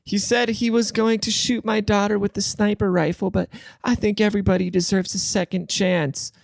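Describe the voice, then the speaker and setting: A man voicing, in a mocking falsetto impression, a naive woman who keeps forgiving a dangerous man. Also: level tone, normal speed, creaky, dry recording.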